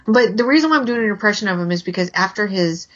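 A woman's voice: mid-range voice, lively intonation, fast, fairly bright tone, lo-fi sound. A woman co-hosting a podcast in casual chat about TV movies, talking loosely with many fillers. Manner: chatty, with many "like" fillers and laughs. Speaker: podcast co-host.

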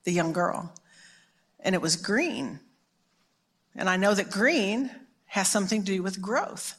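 A woman's voice: medium pitch, a little slow. A middle-aged woman from Texas, giving a storytelling sermon at a conference in a chatty, self-mocking way with frequent restarts. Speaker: conference preacher.

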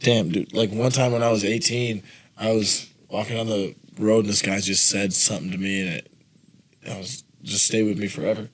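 A man's voice: lowish voice, little pitch movement, brisk, low-quality recording. A young man in casual chat, laid-back and joking with his friends.

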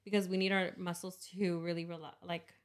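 A woman's voice: lowish voice, little pitch movement, a little fast. A young woman co-hosting a casual podcast chat. She rambles, restarts her sentences and laughs easily. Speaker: podcast co-host.

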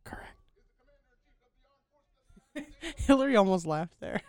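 Teasing woman with a lively voice. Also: medium pitch, takes it slowly. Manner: teasing, jokey, profane. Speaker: co-host watching a show. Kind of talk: casual reaction chat.

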